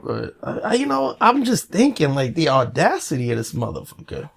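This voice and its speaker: A man's voice: medium pitch, sing-song, brisk, vocal fry, hardly any pauses. A man talking straight to the camera in a rambling, profane, casual rant, full of repeated fillers. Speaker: channel owner.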